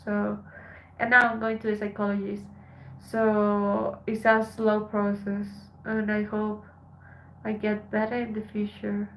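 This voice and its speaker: A tired woman from Colombia, a Spanish speaker, chatting softly with her live-stream viewers as she reads their messages aloud. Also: medium pitch, completely flat delivery, unhurried, slight background noise, rough recording. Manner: soft, subdued, switching between English and Spanish. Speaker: live streamer reading chat. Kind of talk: casual live-stream chat.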